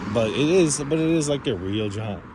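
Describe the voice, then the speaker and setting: Out on a walk beside a street, a young man vlogs to the camera in a mid-range voice, lively and at normal speed. His talk is rambling and self-conscious, packed with fillers and restarts, and outdoor street noise runs underneath.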